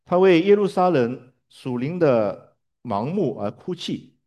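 A man's voice: fairly high pitch, very animated, a little slow, darkish tone. A man interpreting a sermon live, hesitating with fillers and restarts.

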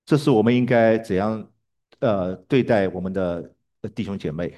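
A man's voice: fairly low pitch, normal speed, warm tone. A man interpreting a sermon live, hesitating with fillers and restarts.

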